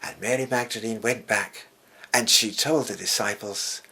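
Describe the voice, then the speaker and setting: Gravelly older man telling a story. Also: lowish voice, normal speed. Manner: warm, earnest storytelling, dropping to a whisper at solemn moments. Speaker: presenter. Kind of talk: storytelling retelling of scripture.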